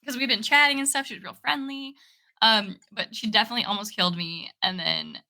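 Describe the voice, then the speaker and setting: A woman's voice: on the high side, brisk, pushed and bright. A woman co-hosting a podcast, telling a rambling story in casual chat and swearing casually. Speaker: podcast co-host.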